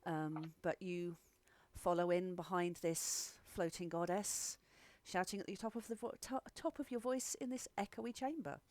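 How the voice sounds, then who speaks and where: A woman's voice: lowish voice, moderate pace, a little mellow, no room sound. A woman, narrating and guiding players as game master, with frequent fillers.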